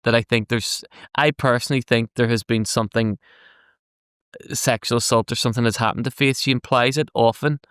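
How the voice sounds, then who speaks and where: Smooth-voiced male podcast co-host. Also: medium pitch, steady tone, fairly quick, a bit bright, no room sound, clean studio sound. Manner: conversational, emphatic, swears casually. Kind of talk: casual reaction podcast chat.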